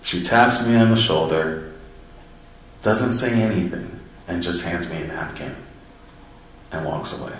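Low-voiced man, earnest personal storyteller, very echoey room, mic set back. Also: unhurried, long pauses, recorded from a distance, slight background noise. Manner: earnest and reflective. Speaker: person in recovery sharing his story.

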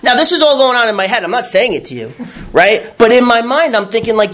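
Man, high voice, candid recovery talk, blunt, acts out his old thoughts. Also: fast talker. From New York. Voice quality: raw, blunt storytelling with crude words. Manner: animated, acts out his own past thoughts. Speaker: recovery speaker. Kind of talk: candid personal testimony.

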